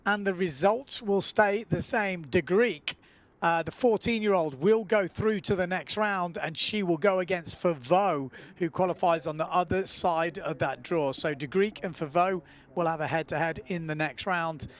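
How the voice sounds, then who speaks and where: High-voiced chatty male sports commentator. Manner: chatty, relaxed, fills pauses with uh. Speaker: event commentator.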